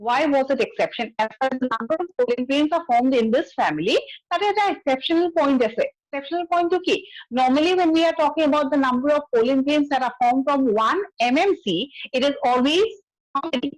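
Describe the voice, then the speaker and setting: Quick high-voiced Assamese woman teaching. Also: poor audio. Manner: asks students frequent check questions, mixes English and Assamese. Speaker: biology teacher. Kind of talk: classroom lecture. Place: classroom.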